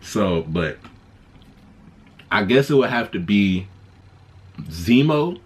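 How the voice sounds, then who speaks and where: A man talks through a movie he loved in a casual review, his husky voice sitting a little low. His pitch swings widely as he gets excited. He rambles and restarts his sentences as the thoughts pile up. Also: slow.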